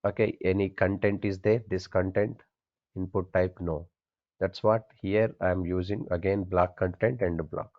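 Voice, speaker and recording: Low-voiced man teaching a coding class. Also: fairly even intonation, normal speed, lo-fi sound. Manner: asks the class questions and answers them himself; repeats key points. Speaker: programming instructor.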